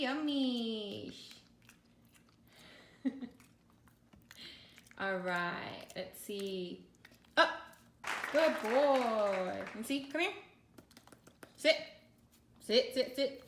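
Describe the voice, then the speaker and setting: High-voiced, affectionate woman vlogger. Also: a bit bright. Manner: affectionate, playful, cooing at the dog. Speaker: vlogger and dog owner. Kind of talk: casual vlog, training a dog on camera. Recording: roomy echo with faint background hum.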